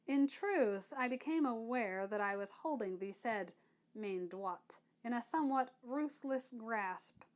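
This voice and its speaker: A woman with a fairly high voice reads a classic novel in the first person. Her pacing is measured and her storytelling expressive. The delivery is that of an audiobook narrator.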